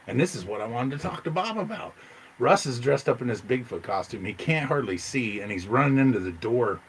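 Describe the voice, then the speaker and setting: Man, casual storyteller, rambling, excitable, mid-range voice, faint background noise. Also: a little fast, low-quality recording. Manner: excited, rambling, jumps into loud high quoted voices.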